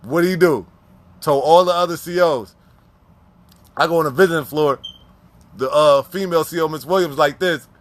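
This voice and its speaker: A man casually telling prison stories in heavy profane slang, animated, with frequent restarts and repeats. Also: on the high side, normal speed, pauses often. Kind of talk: casual storytelling.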